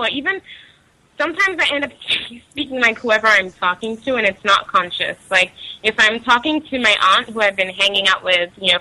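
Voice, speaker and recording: A woman's voice: mid-range voice, pushed and bright, poor audio. A young woman from Nigeria, chatting casually as an interview guest, laughing often and using many fillers.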